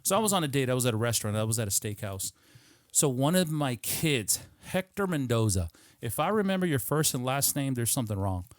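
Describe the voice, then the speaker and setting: A man's voice: medium pitch, very animated, brisk, few pauses, dry recording, studio quality. A man hosting a podcast in casual chat, telling stories with lots of restarts and casual swearing. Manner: rambling storyteller, swears casually, many restarts. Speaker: podcast host. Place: podcast studio.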